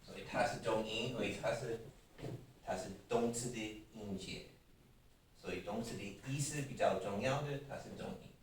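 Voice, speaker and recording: A man's voice: fairly low pitch, moderate pace, a little hiss or hum. Male English teacher, patient and coaxing; heard from afar in a reverberant classroom. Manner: explains patiently, prompts students to repeat. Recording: very echoey room, from far off.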